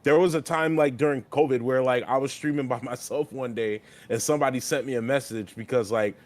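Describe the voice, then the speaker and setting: A young man in casual podcast banter, his voice sitting at an ordinary middle pitch. He rambles, swears freely and climbs louder when something annoys him. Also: steady tone, a little fast. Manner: profane, rambling, gets loud and heated when riled up. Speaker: podcast co-host and streamer. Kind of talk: casual chat.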